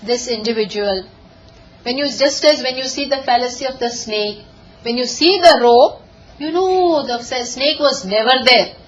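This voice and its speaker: A woman giving a lively scripture lecture, telling stories and often laughing. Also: a little high, normal speed, dull audio. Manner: animated storytelling, often laughing. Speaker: spiritual teacher.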